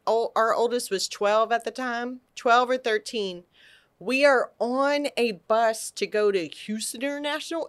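Bright-voiced woman telling a story. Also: a little high. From Texas. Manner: animated, acts out quotes, frequent restarts. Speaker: podcast guest. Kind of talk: casual storytelling.

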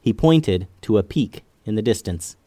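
A man hosting a children's podcast, narrating a story in a gentle, expressive way. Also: on the low side, moderate pace, no echo, clean studio sound.

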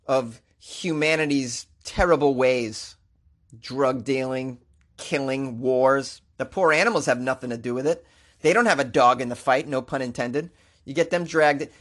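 A man's voice: fairly high pitch, a bit bright. A man reading odd news stories aloud and breaking in with sarcastic, incredulous asides, in a casual comedic commentary style. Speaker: podcast host reading news.

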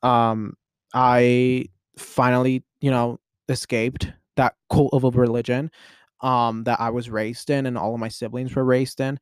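A twenty-year-old man hosting a podcast from his closet, rambling in a casual solo monologue full of "like" and restarts, with excitable jumps in pitch. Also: a little slow, clear, resonant tone, no echo, clean studio sound. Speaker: podcast host.

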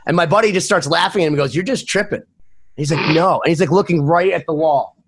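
Man, slightly high voice, animated storyteller, casual podcast talk. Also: quick pace, slightly rough. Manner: lively storyteller, swings pitch for quoted friends.

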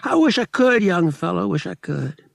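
A man's voice: high voice, very animated, normal speed, gravelly, no room sound, clean studio sound, voice pushed up, heavily acted. A man voicing a cordial, cagey older male gambler who talks in an easygoing, friendly way. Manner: cordial, drawling.

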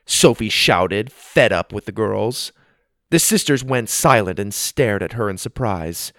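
A man narrating a children's story in an expressive, animated reading style. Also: fairly low pitch, a little slow, no room sound, clean studio sound.

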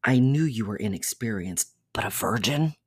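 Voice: medium pitch, moderate pace, darkish tone, no room sound, clean studio sound, lightly acted. A reader voicing an intense, controlling young man. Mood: exasperated.

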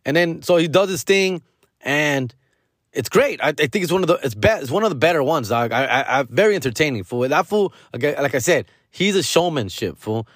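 A man's voice: a little high, lively intonation, fairly quick, a bit bright, no room sound, studio quality. Rambling, slangy man in his forties. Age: 40s. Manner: rambling, slangy, profane, peppers speech with "fool" and "dog". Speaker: podcast host. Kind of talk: casual monologue.

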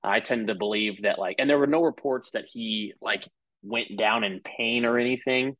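A man's voice: on the low side, moderate pace, no echo, dull audio. Guy cohosting a sports pod, rambly, lots of likes and uhs, swears a bunch, dry close mic. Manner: loose and rambling, heavy on "like" and "uh", swears freely. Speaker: podcast co-host. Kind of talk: casual sports chat.

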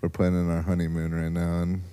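A man's voice: deep voice, completely flat delivery, a little fast, dark tone, slight background noise. A man co-hosting a podcast, chatting in a laid-back, joking way. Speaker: podcast co-host. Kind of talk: casual chat.

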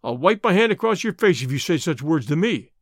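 A man voicing a gruff, menacing middle-aged gang boss who questions bluntly in an audiobook reading. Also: on the high side, big pitch swings, fairly quick, no room sound, studio quality.

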